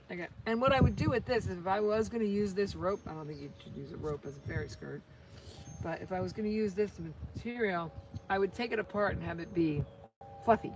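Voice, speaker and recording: A woman's voice: mid-range voice, noisy background. A middle-aged American woman chatting casually to viewers while crafting, rambling, with many restarts. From United States. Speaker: vlogger.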